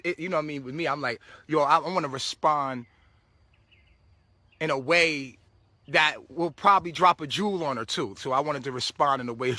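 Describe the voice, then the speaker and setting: A man's voice: on the high side, pushed and bright, dry recording. A man giving a casual spiritual monologue to his viewers, preachy and swearing freely, often breaking into laughter. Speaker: spiritual vlogger.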